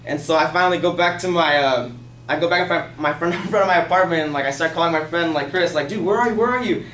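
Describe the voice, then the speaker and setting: A young adult man, a student, casually tells a class a personal story, rambling and scattering "like" and profanity throughout. His fairly high voice moves quickly with fairly even intonation and a slightly bright tone, picked up by a distant mic in an echoey classroom with faint hiss.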